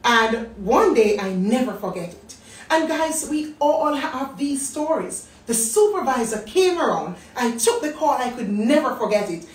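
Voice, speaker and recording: Woman, Jamaican accent, thirties, animated storytelling, echoey room, far from mic. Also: a little high, measured pace. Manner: animated storyteller acting out quotes. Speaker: business talk host. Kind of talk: personal storytelling. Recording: roomy, distant mic.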